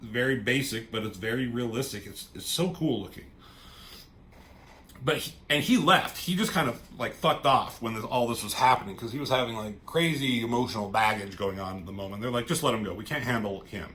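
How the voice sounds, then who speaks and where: A man's voice: mid-range voice, brisk, a bit bright, a little hiss or hum. A man reviewing a comic book in a loose, rambling, casual way, swearing freely and trailing off as he goes.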